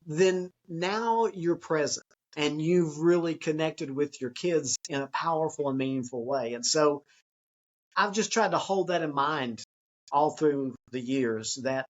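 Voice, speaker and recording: A man appears as a guest author in a conversational interview, speaking earnestly and reflectively and now and then acting out an excited child's voice. His voice sits a little high, and the sound is lo-fi.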